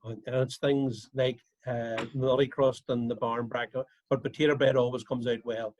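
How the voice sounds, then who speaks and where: A man's voice: medium pitch, little pitch movement, normal speed, a little mellow, dry recording, poor audio. A man from a bakery, explaining his products steadily with fillers on a video call. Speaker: bakery guest. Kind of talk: casual chat on a video call.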